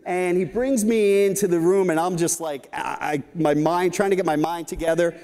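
A man in his fifties giving a conference talk, telling lively anecdotes with frequent "right?" asides. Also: high voice, normal speed. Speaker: keynote speaker. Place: large conference hall stage. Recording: reverberant conference hall.

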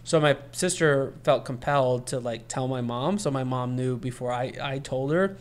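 A man's voice: mid-range voice, moderate pace. A man co-hosting a podcast, telling a long personal story in casual chat and acting out the voices of the people he quotes. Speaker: podcast co-host.

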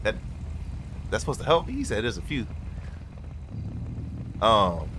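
A young man chatting casually with a friend while playing a driving game, loud and joking with playful trash talk. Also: lowish voice, huge pitch swings, unhurried, long pauses, a little hiss or hum. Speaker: gaming streamer. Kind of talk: casual gameplay chat with a friend.

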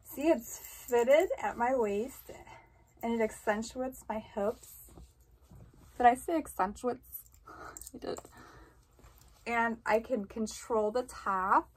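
Slow, chatty woman vlogger. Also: fairly high pitch, slightly rough, rough recording. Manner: chatty, rambling, jokey and self-deprecating. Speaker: fashion vlogger. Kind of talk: casual try-on review.

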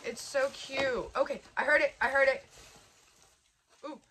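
A woman chatting casually as she unboxes a subscription box, bubbly and gushing with excitement. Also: high voice, measured pace. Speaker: vlogger.

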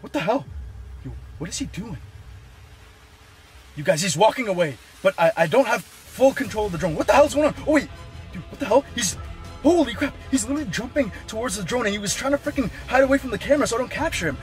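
A young man vlogging in excited live commentary, constantly exclaiming and talking straight to his viewers. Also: high voice, fast talker, soft background music.

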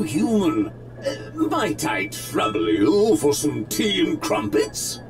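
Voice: medium pitch, darkish tone. An actor voicing a prim, overly polite robot in a video game who gives instructions. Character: polite robot customer and guide.

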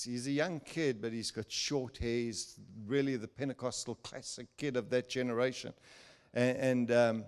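A man's voice: a little high, clear, resonant tone. An older man preaching in a church, telling a personal story with laughter and acted-out quotes. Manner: animated, laughing storyteller who acts out quotes. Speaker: guest speaker.

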